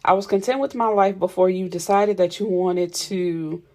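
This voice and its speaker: A woman's voice: fairly low pitch, moderate pace, dark tone, close to an everyday voice. A woman voicing a brash young man who talks in slang and curses freely. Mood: boastful. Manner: slangy, cursing, boastful.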